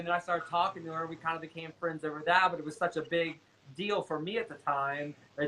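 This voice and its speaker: Hombre de voz brillante y parlanchina. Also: male voice, on the high side, fairly bright tone, slight background noise, low-quality recording. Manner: chatty, repeats words, acts out quotes. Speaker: guest nail technician. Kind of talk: casual interview storytelling.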